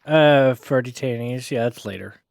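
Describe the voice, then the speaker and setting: A man's voice: medium pitch, normal speed, creaky. A man streaming a game, giving casual, self-mocking commentary as he thinks aloud.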